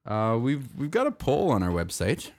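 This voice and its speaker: A man co-hosting a podcast in casual chat, reading listener emails aloud in a relaxed, chatty way. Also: mid-range voice, normal speed. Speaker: podcast co-host.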